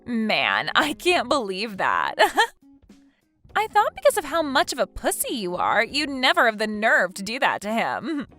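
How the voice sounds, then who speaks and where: Woman as spiteful husband-stealer; high, bright, lively taunting voice. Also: measured pace, faint music behind, heavily acted. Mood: gloating. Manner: taunting, gloating, laughs mockingly. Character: smug scheming woman who stole her friend's husband. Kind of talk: text message story dialogue.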